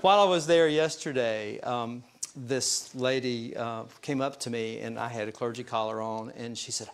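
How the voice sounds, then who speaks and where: A man's voice: mid-range voice, normal speed, smooth. A male pastor preaching a sermon, telling stories in a folksy, self-deprecating way. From US South mountain region. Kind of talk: sermon storytelling.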